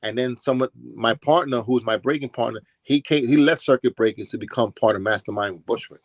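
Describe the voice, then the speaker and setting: A man's voice: mid-range voice, brisk, no room sound. New York man telling stories, dry sound. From Brooklyn, New York. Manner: rambling, with restarts and acted-out quotes. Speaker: interviewee, former b-boy. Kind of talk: casual storytelling interview.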